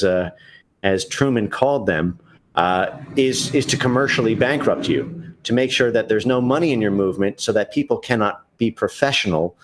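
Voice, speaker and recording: A man appearing as a guest on a live-stream discussion. He speaks haltingly, with many "uh" fillers and restarts. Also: fairly low pitch.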